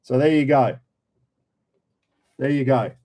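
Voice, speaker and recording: A man's voice: medium pitch, slow pace, mellow, rough recording. A man with an Australian accent, casually chatting on a livestream and answering viewer comments in a blunt, opinionated and slangy way. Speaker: livestream host.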